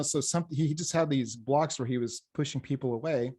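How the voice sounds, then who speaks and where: A man speaking in a casual interview, an enthusiastic hypnotherapist who tells client stories with lots of energy. He acts out both sides of conversations and often stumbles and restarts his sentences. His pitch sits in an ordinary middle range. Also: a little fast. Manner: animated storyteller, acts out quoted dialogue, frequent restarts. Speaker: hypnotherapist, program graduate.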